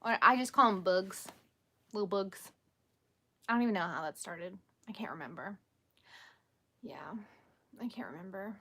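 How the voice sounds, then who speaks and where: Bright-voiced chatty mom on a late-night livestream. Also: female voice, medium pitch. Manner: chatty, laughs often, answers viewer questions. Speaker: livestream host. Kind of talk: casual live chat with viewers. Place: home at night.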